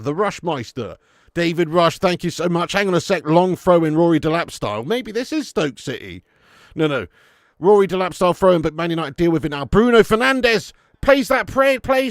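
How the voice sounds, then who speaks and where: A fan commentator, fired up and foul-mouthed as he calls a football match live and talks straight to his viewers. His voice sits a touch high, recorded close and dry with no room sound. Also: no room sound. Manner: excitable, swears freely, chats to viewers. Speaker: fan watch-along commentator.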